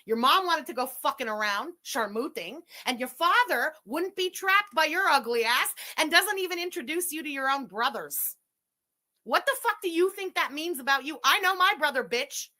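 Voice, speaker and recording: A woman's voice: sits high, lively intonation, normal speed, sharp tone. A woman in an angry rant, hurling profane, cutting insults. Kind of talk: angry ranting clip.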